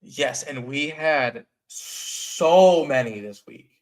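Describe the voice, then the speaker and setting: A man co-hosting a casual sports chat show, reading through stats in a quick list. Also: mid-range voice, expressive. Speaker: co-host.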